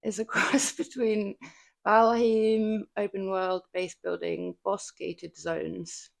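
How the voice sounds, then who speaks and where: A woman's voice: mid-range voice, flat delivery, takes it slowly, creaky. A woman livestreaming from her home gym, chatting casually with viewers between lifts, laughing often and swearing now and then. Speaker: livestreamer working out.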